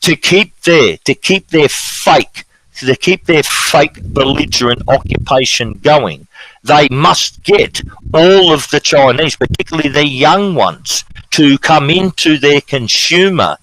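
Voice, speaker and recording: A man's voice: on the high side, expressive, slow, a bit bright, poor audio. A middle-aged man with an Australian accent, talking on a podcast in a rambling, emphatic way and repeating his phrases. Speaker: strike organiser on a podcast. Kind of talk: impassioned podcast talk.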